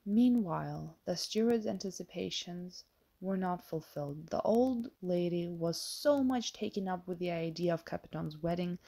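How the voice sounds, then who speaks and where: Woman audiobook narrator, low, slow and mellow, measured reading with small self-corrections. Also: creaky. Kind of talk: scripted narration.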